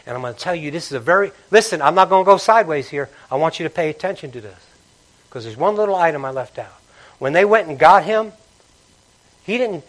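A man preaching a sermon, telling stories with animated swings between loud outbursts and quiet passages. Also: on the high side, fast talker. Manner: animated storytelling, acting out characters with loud outbursts and quiet drops.

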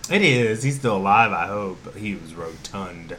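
A man's voice: fairly low pitch, lively intonation, bright, forceful tone. Guy on a podcast teasing his buddy, cuts in a lot, cusses, slight background noise. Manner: teasing, quick interjections, profane. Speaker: podcast co-host. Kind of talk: casual chat.

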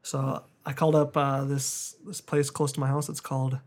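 A man's voice: mid-range voice, flat delivery, moderate pace, a little mellow. A young man, a podcast co-host getting over a cold, telling a story in casual chat and filling it with "like". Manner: rambling storyteller, heavy use of "like".

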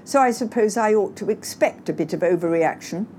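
A woman voicing an indignant middle-aged mother who stands up to her grown children, measured then impassioned. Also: medium pitch, animated, darkish tone, a little hiss or hum, lightly acted. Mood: level.

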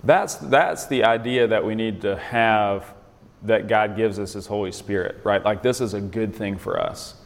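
A man's voice: fairly low pitch, measured pace, big-room sound. A man leading an interactive Bible lesson in a conversational way, often quizzing his listeners with questions. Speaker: Bible study leader.

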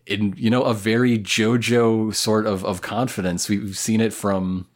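A man co-hosting a casual podcast, recapping an anime episode with wry jokes and sudden high-pitched emphasis. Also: level tone, measured pace. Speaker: podcast co-host.

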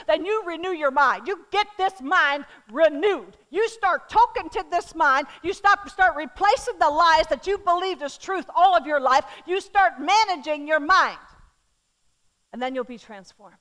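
A middle-aged woman delivers an emphatic sermon, frequently putting questions to the congregation. Her very high voice has lively intonation and a measured pace, and she swings between loud declarations and hushed, tender storytelling.

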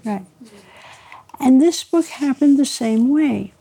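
Woman author, warm mid-high husky voice, animated storyteller who laughs through her tales. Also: slow pace. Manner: lively raconteur, mimics dialogue, laughs often. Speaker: author being interviewed. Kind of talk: anecdotal storytelling.

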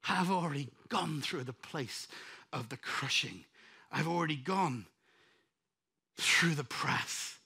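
A man preaching, voicing Jesus as a calm, resolute man facing betrayal, in a solemn, quietly firm tone. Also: a little high, takes it slowly, pauses often, slightly rough, voice pushed down, full character voice. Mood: tender.

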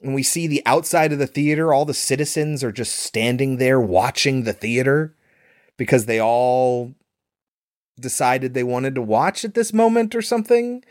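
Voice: mid-range voice, moderate pace. A podcast co-host in casual chat, wry and mock-exasperated, laughing often.

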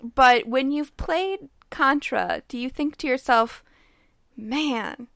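A woman's voice: high-pitched, expressive, slow, creaky, a bit bright, clear, resonant tone, no echo, studio quality. A woman co-hosting a podcast in a casual chat, laughing often and chiming in briefly. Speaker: podcast co-host.

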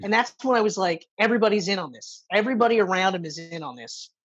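A woman in a relaxed film chat, swearing freely and acting out lines from the movie. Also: mid-range voice, quick pace, slightly rough, muffled recording. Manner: casual, swears often, acts out movie lines. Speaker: podcast co-host. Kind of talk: casual movie review chat.

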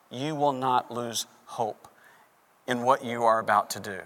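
A male pastor preaching an animated sermon, acting out the voices of the people he quotes. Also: mid-range voice, moderate pace. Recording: reverberant hall.

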